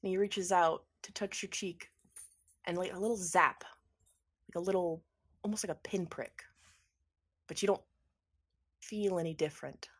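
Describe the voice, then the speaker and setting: Husky-voiced woman narrating a tabletop game. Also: lowish voice, steady tone, normal speed, long pauses. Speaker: game master.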